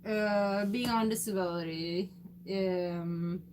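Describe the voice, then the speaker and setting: A woman's voice: medium pitch, fairly even intonation, slow, a little mellow, a little hiss or hum. A woman chatting casually on a livestream, sleepy and yawning, joking and teasing playfully.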